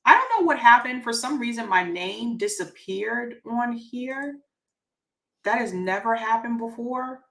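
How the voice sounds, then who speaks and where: A woman's voice: a little high, a bit bright. A woman hosting a casual livestream, upbeat and chatty, reading out viewer comments and greeting people by name, laughing easily. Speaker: livestream show host. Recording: roomy echo on the voice.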